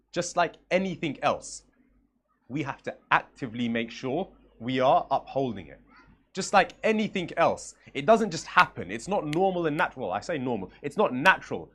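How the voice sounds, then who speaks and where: A man's voice: a little high, fairly bright tone. A young man giving a religious lecture, telling a story in a conversational way and voicing the characters' lines.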